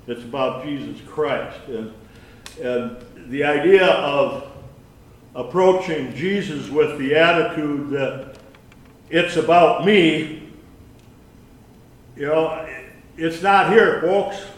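A man giving a conversational sermon with scripture reading, folksy and halting, with many restarts and asides. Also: fairly high pitch. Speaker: lay preacher. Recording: echoey room from far off.

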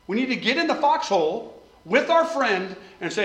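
High-voiced impassioned male preacher. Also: big pitch swings, moderate pace, echoey room, low-quality recording. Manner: impassioned, swings between loud pleading and quiet asides. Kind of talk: sermon.

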